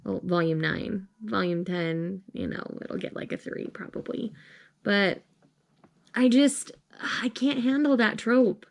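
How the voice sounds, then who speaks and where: A woman's voice: mid-range voice, slow pace, vocal fry. A woman reviewing manga in a casual reaction vlog, chatty and rambling, venting her frustration with groans and sighs.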